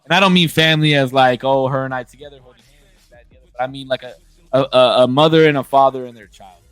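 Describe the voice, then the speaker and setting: A man's voice: mid-range voice, fairly even intonation, fast, fairly bright tone, smooth, faint music behind. A man in his thirties talking candidly in a casual conversation, emphatic and blunt, often restarting his sentences. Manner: emphatic, frequent profanity and restarts.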